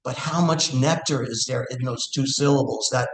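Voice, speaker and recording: A man of average pitch teaches a scripture class, earnest and unhurried, pausing to search for words and reciting verse. His voice rings in an echoey temple room over a faint steady hiss. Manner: earnest, thinking aloud with fillers and Sanskrit verse. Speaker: class speaker. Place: temple hall.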